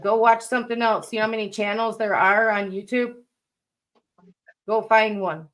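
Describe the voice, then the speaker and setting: A woman's voice: mid-range voice, steady tone, moderate pace, a bit bright. A woman co-hosting a casual live stream, chatting and then making an earnest appeal to viewers.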